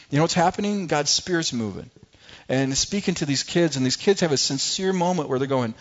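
Pastor preaching with pleading rises. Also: male voice, on the high side, fast, lo-fi sound. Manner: repetitive restarts, pleading rises in quoted prayers. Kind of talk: sermon.

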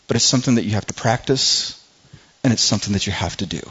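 A man's voice: lowish voice, quick pace, fairly bright tone, breathy edge, highs cut off. A man preaching a sermon in an earnest, conversational way, often restarting his phrases. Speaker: pastor.

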